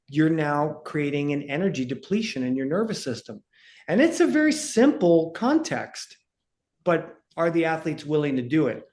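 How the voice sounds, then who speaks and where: A man's voice: fairly high pitch, a little mellow. A man talking as a breathing instructor on a podcast, explaining energetically in casual chat and checking in with "right?".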